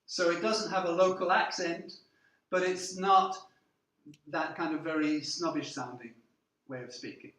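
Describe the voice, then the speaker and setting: High-voiced older English lecturer, RP accent. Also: male voice, steady tone, unhurried, fairly bright tone, reverberant. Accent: English received pronunciation. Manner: checks in with "okay?", slips in foreign words. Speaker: university lecturer. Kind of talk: classroom lecture.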